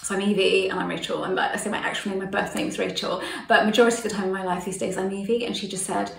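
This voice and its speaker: A woman's voice: mid-range voice, flat delivery, quick pace, gravelly, echoey room, distant mic, low-quality recording. A middle-aged woman telling a story to camera in a chatty way, laughing often and acting out what people said. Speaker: vlogger.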